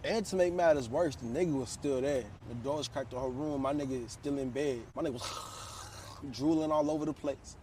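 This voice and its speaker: 20s guy ranting a storytime, slangy and animated, sounds a bit far off. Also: fairly high pitch, normal speed, noisy background. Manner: slangy, animated, swearing freely. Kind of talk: casual storytime.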